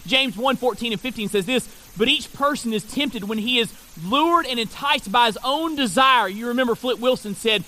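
High, bright-voiced man preaching a sermon. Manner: reads scripture aloud, stresses key words with pauses. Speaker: pastor.

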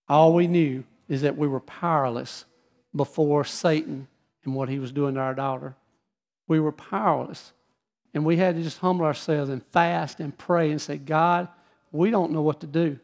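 A middle-aged male pastor preaching at a midweek service, reading scripture aloud and dropping soft and slow when he speaks of his own suffering. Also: a little high. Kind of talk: sermon.

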